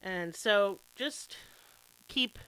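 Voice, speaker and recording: An American woman hosts a true crime podcast with a bright, forceful voice. She talks casually and irreverently, pokes fun at herself, and swears now and then. The sound is close and dry. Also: medium pitch, expressive, very slow, smooth, dry recording. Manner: casual, irreverent, self-deprecating, occasional swearing. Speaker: podcast host.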